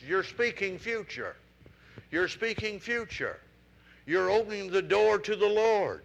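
A man's voice: high voice, expressive, moderate pace, gravelly, a bit bright. A male preacher delivering a sermon to a congregation, exhorting with emphatic repetition. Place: room with congregation.

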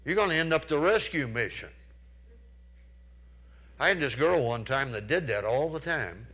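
Male preacher, bright clear tone, folksy storyteller who quizzes the congregation and acts out his characters. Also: fairly high pitch, expressive, normal speed, low-quality recording. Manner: acts out characters in raised voices. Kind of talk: sermon.

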